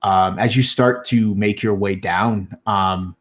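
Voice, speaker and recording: A man narrating a tabletop fantasy game as game master, halting often with ums and restarts. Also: on the low side, fairly even intonation.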